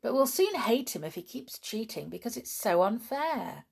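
A woman's voice: a little high, sing-song, normal speed, gravelly, a little mellow, husky, pitched above the performer's own voice, heavily acted. A woman doing a prim, honest little girl. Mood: earnest.

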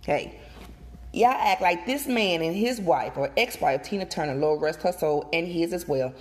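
A woman vlogger recording outdoors, giving emphatic, animated opinion commentary and talking straight to her viewers. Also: lowish voice, moderate pace. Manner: emphatic, animated, repeats and addresses viewers directly. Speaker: gossip vlogger.

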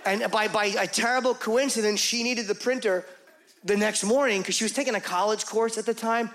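A middle-aged man telling a crude, self-mocking story in stand-up comedy, rambling and animated. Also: high voice, fairly quick, some chatter behind, slight background noise.

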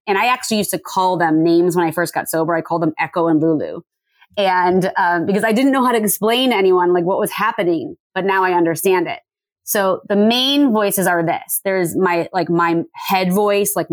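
A woman in her forties talking earnestly as an interview guest, explaining her ideas in a quick, chatty way with filler words. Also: on the low side, no room sound. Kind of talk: candid conversational interview.

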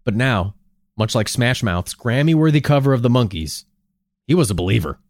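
A male podcast host telling an old tale with lots of swing in his pitch and a playful, sarcastic edge. His voice is recorded close and dry, with no room sound around it. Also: animated, moderate pace, no echo. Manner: jokey, sarcastic asides. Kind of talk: casual storytelling chat.

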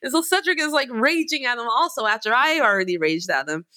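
A woman musician telling a story in casual talk, animated, emphatic and full of swearing. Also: a little high, a little fast, no room sound. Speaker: singer and guitarist.

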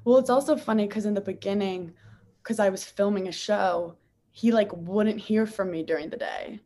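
A young woman telling a lively personal story in casual chat, with many "like" fillers. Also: mid-range voice, moderate pace.

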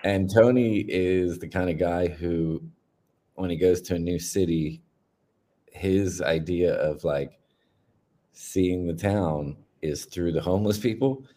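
A laid-back man co-hosts a casual podcast and tells funny stories with an easy, joking manner. His voice is very deep and dark, mellow in tone. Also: slow. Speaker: podcast co-host.

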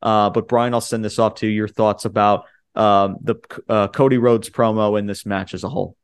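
A man co-hosting a casual podcast, recapping with excited, profane and rambling enthusiasm. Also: fairly low pitch, moderate pace, clear, resonant tone. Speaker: podcast co-host.

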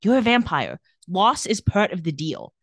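A woman's voice: medium pitch, very animated, moderate pace, a bit bright, no room sound, studio quality. A young adult woman co-hosting a casual podcast, retelling TV scenes and acting out the characters' lines in playful voices. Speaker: podcast co-host recapping a TV episode. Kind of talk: casual chat.

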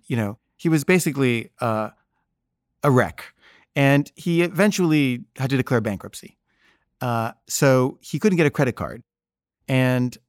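A man recounts a family story in a loose, rambling way, leaning on fillers as he goes. His voice sits at an ordinary middle pitch. The recording is dry and close, with no room sound. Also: no room sound. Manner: rambling, filler-heavy, wry. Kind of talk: casual personal storytelling.

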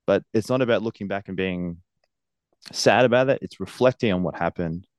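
A man with a very low voice talks earnestly about his wrestling career. He laughs often as he talks. The recording is dry and close. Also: fairly quick, no room sound. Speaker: professional wrestler, guest. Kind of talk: casual interview.

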